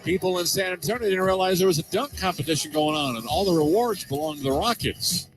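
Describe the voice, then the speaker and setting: A man calling live basketball play-by-play, getting excited on big plays. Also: sits high, quick pace, music in the background. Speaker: play-by-play commentator.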